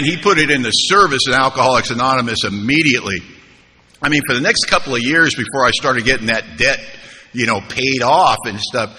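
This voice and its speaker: Male speaker, wry storyteller at a podium, lively asides to the crowd; large hall reverb with faint noise. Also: mid-range voice. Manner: humorous, conversational, asks the room rhetorical questions. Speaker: recovery meeting speaker. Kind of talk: storytelling talk at a recovery convention.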